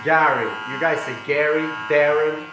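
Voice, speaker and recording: Man with dry asides, loud clipper hum. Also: on the high side, level tone, moderate pace, reverberant. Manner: dry interjections. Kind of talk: casual chat. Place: barbershop.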